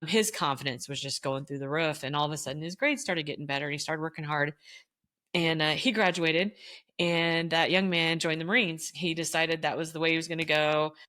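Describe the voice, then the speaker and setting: A middle-aged woman with a bright, vivid voice, talking through classroom memories as a guest on a conversation show. She tells her stories with energy, slipping into the voices of the people in them. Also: deep voice, brisk. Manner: animated, acts out quoted voices. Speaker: guest, former teacher. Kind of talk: storytelling in casual conversation.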